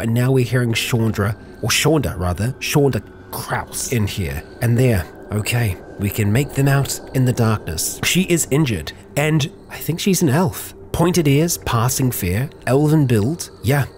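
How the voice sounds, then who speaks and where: A young man talking through a survival game in an easygoing, conversational way, narrating his character in the third person. His voice sits in an ordinary middle pitch, recorded on a desk mic with a faint hum of ambience behind him. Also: lively intonation, moderate pace, darkish tone. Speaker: let's play host narrating a survival game. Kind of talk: roleplay-style game commentary.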